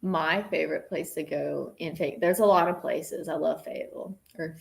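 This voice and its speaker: A woman's voice: low voice, fairly even intonation, moderate pace, vocal fry. Young woman anchor, loose and giggly, rambling chatter between segments. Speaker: news anchor. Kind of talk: casual off-air banter.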